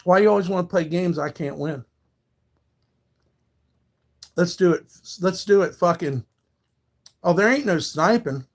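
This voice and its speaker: Gravelly man ranting at his chat. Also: sits high, normal speed. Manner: confrontational, profane, talks back to viewers. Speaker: live streamer. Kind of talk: casual live-stream rant at chat.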